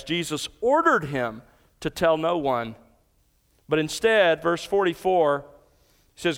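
A man preaching an expository sermon. He works through the verses emphatically, swelling on key points and dropping low for quotes. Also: a bit bright, clear, resonant tone. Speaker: pastor.

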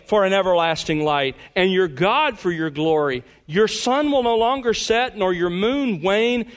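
A male pastor preaching an earnest sermon to his congregation, slowing down to stress key words and dropping to a hush for emphasis. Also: high-pitched, expressive.

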